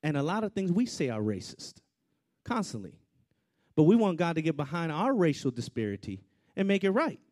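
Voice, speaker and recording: A male preacher delivers a storytelling sermon at a moderate pace. His somewhat high voice leaps around with big pitch swings, moving from loud outbursts to quiet, hushed asides.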